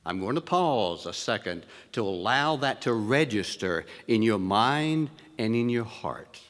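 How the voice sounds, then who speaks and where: Male preacher, unhurried sermon cadence, lifts his voice for scripture, echoing church hall. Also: lowish voice, big pitch swings, fairly bright tone. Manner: slow, deliberate emphasis with rhetorical questions to the congregation; reads scripture in elevated, rising tones.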